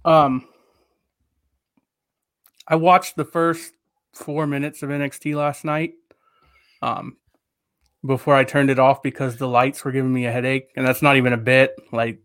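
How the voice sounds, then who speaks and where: A man's voice: mid-range voice, little pitch movement, measured pace, pauses often, fairly bright tone, no echo, studio quality. A man co-hosting a podcast in casual chat, rambling and hedging with lots of fillers. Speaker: podcast co-host.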